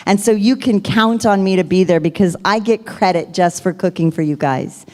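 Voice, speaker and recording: A woman on a video call, showing trainees the upbeat pitch she uses for booking. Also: normal speed, a little mellow. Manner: upbeat, demonstrates scripts. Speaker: sales trainer. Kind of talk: role-played sales pitch.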